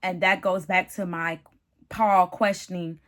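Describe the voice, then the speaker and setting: A woman giving a casual, animated reality-TV recap, chatty and calling the viewer "honey" and "baby". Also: fairly low pitch, a little slow. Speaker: TV show reviewer.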